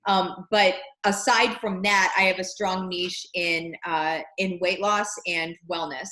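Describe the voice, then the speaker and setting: Chatty woman guest, lowish voice. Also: fairly even intonation, unhurried, pushed and bright. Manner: chatty, many restarts and fillers, laughs easily. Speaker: interview guest, network marketer. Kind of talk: casual interview over video call.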